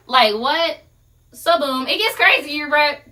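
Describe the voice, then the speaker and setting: A woman's voice: sits high, expressive, slow pace, sharp tone. A young woman, telling a casual story full of profane slang. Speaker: streamer.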